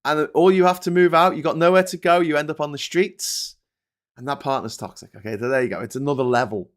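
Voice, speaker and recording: A British man hosting a casual political commentary show, talking in a lively, rambling way with frequent swearing and restarts. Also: on the high side, fast talker. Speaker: host of a live commentary show.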